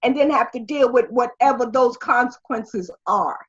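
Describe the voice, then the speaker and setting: An older woman with a husky, breathy voice pitched a little high, heard over a dull, lo-fi video-call line. She talks in a rambling way, restarting her sentences often as a webinar guest. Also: normal speed. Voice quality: husky, strained voice after throat surgery. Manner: rambling, with many restarts and fillers. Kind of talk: conversational interview.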